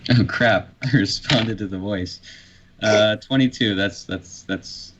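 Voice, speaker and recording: A man playing a tabletop game, talking in a slow, hesitant way. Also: fairly low pitch, muffled recording, noisy background. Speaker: player.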